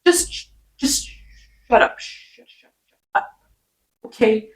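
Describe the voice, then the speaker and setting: A woman's voice: takes it slowly, close to an everyday voice. Woman mocking a snappy impatient therapist. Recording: echoey room.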